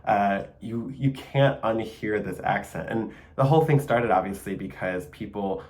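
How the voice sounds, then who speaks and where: A man's voice: lowish voice, normal speed, darkish tone. A young man with a Michigan accent hosting a casual solo podcast, chatty and enthusiastic, with plenty of fillers and small laughs. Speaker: podcast host.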